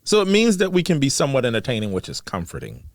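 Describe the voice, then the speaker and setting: A man's voice: medium pitch, fast talker, no room sound. A man in his forties hosting a casual podcast in a small studio, rambling and laughing as he talks. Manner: lively, rambling, laughs often. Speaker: podcast host. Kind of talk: casual chat. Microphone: studio mic.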